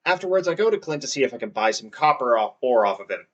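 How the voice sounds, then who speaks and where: A man's voice: medium pitch, very animated, fast talker, lo-fi sound. A man narrating his farming game playthrough in a wry, self-deprecating scripted style. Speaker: gameplay narrator.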